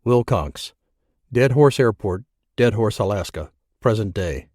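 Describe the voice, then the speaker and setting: A man narrating an audiobook in a measured, even storytelling manner. His voice sits at a middle pitch. The recording is dry and close, with no room sound. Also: no room sound. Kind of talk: scripted narration.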